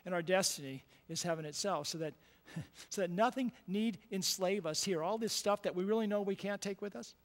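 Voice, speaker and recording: A male pastor preaching a conversational sermon, repeating words and checking in with "right?", moving between quiet and loud emphatic passages. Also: high voice, fairly quick, in a large hall. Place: church sanctuary.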